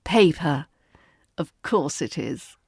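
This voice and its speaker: A woman's voice: sits low, big pitch swings, takes it slowly, creaky, a little mellow, breathy edge, no echo, clean studio sound, voice pushed down, full character voice. A woman with a British RP accent voicing a weary female airport desk clerk, exhausted but still trying. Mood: resigned.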